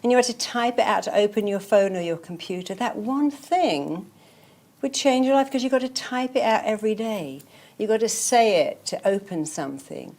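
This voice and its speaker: A woman's voice: medium pitch, expressive, normal speed, a little mellow. A woman therapist talking in an interview, emphatic and repetitive, telling stories and repeating affirmations. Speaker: therapist guest. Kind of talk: motivational interview talk.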